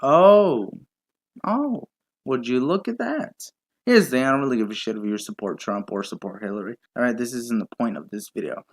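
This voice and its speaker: A young adult reaction commentator with an ordinary mid-range voice, neither high nor low. The delivery is mocking and sarcastic, full of swearing and quick comebacks as the commentator argues with each clip. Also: lively intonation.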